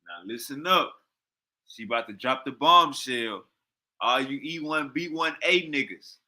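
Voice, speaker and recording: A man's voice: medium pitch, animated, measured pace, pushed and bright. A man, reacting to a video in heated, profane, repetitive commentary. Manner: heated, profane, slangy, repeats himself. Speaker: reaction streamer.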